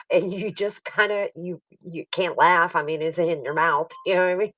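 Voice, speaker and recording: A woman's voice: fairly low pitch, steady tone, measured pace, fairly bright tone, no echo, far from the mic, poor audio. A woman hosting a casual stream chat. She tells stories animatedly, laughs often and acts out what other people said. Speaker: livestream host.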